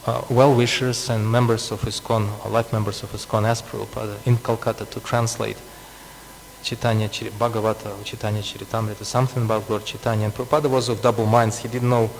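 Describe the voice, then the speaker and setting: A man's voice: on the low side, level tone, fast, vocal fry. A man preaching a scripture class, explaining with asides and frequent chuckles. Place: temple hall. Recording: long reverb, faint hum.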